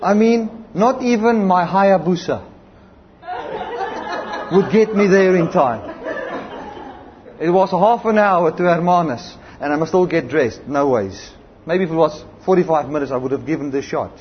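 High-voiced South African preacher man. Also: normal speed, crowd noise. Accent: South African English. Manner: emphatic preaching, storytelling, says amen and hallelujah. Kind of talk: sermon. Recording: slightly dull lo-fi recording with faint background noise.

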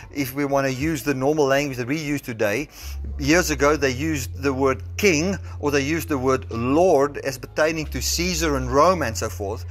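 A South African man delivers a sermon in a slightly higher voice. He reasons through a passage step by step and slows down to stress the scripture he quotes. The sound comes from a phone recording made in a church. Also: a bit bright. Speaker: preacher.

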